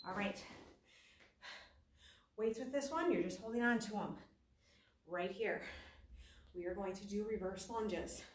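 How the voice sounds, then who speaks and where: A woman with a mid-range voice speaks unhurriedly and pauses often, against some background noise. She leads a workout class as a chatty, self-deprecating instructor who talks while she exercises and is sometimes out of breath. Sound is echoey and distant.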